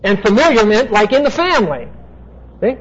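A man teaching a Bible lecture in a classroom, explaining terms step by step and pausing often with "uh". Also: high voice, very animated, slightly rough. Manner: explanatory, halting with frequent "uh" fillers. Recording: dull lo-fi recording.

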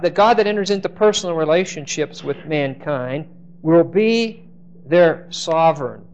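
A man's voice: on the high side, a little mellow. Emphatic male Bible teacher, dull lo-fi recording. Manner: emphatic, slows and stresses key words; frequent hesitations and restarts. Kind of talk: Bible study lecture.

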